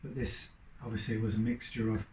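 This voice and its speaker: Mellow guitar tech in a roomy workshop. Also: male voice, fairly low pitch, flat delivery, fairly quick, slight background noise. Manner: rambling, thinking aloud as he works. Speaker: guitar technician. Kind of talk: casual workshop commentary while working. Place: repair workshop bench.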